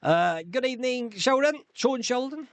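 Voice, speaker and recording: A man hosts a casual live stream from his home hobby room, chatting, rambling and reading viewer comments and questions aloud. His very high, gravelly voice is expressive at a moderate pace, in a dry recording.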